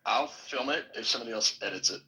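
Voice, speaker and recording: A man's voice: medium pitch, fast, background noise. A man hosting a casual podcast, rambling with lots of fillers and poking fun at himself. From United States. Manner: rambling, self-deprecating, many fillers. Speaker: podcast host. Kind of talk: casual group chat.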